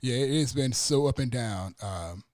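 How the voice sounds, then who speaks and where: A man hosting a casual sports podcast, talking fast and acting out his own stunned reactions. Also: medium pitch, lively intonation, a little mellow, no echo, studio quality. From Atlanta area. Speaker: podcast host.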